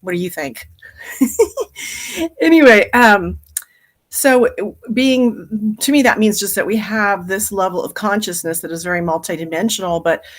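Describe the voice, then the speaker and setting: A woman's voice: medium pitch, measured pace, long pauses. A middle-aged woman, a hypnotherapist and business coach, giving a chatty, upbeat live training talk and laughing easily.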